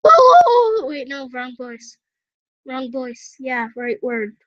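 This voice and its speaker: A woman's voice: sits high, little pitch movement, takes it slowly, no room sound. A woman reading a visual novel aloud with self-mocking, chatty asides. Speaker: let's player. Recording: dull, lo-fi, dry.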